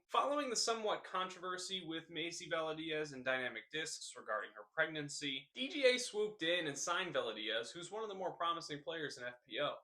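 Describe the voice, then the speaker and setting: A young man hosts a scripted news recap, slipping deadpan jokes between the items. His voice is bright and sits a little high, and his delivery is casual and comic. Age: young adult. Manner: deadpan jokey delivery, rambling tall tale. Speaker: host.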